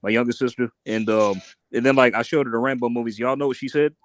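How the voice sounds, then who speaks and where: A man's voice: mid-range voice, steady tone, fast, no room sound. A man in a casual panel chat, telling rambling stories full of "like" and acting out quotes. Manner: rambling storyteller with many fillers and acted-out quotes.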